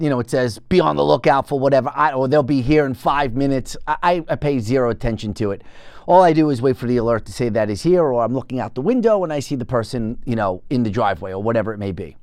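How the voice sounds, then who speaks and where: A man talks through a story on his own show, restarting sentences as he goes. His pitch swings widely and his delivery is animated. The recording is dry and close, with no room sound. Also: dry recording. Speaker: podcast host. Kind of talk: casual monologue.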